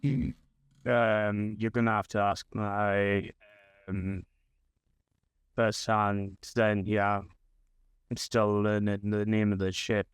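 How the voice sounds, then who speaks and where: A man playing a ship captain in a tabletop game, speaking in a measured, polite way. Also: fairly low pitch, level tone, smooth, no room sound, clean studio sound. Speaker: player.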